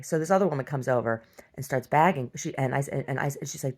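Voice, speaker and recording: A woman's voice: deep voice, fast talker, darkish tone, husky. A woman telling a story in an emphatic, indignant casual rant, often asking "right?" and restarting her sentences. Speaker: vlogger.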